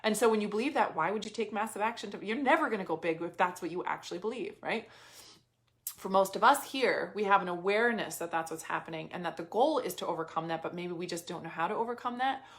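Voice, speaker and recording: A woman's voice: medium pitch, expressive, fast talker, fairly bright tone. A woman in her thirties coaching a group, intense and frank, swearing freely and repeating urgent commands. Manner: reads viewer comments aloud. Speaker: business coach. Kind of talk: motivational talk to a group.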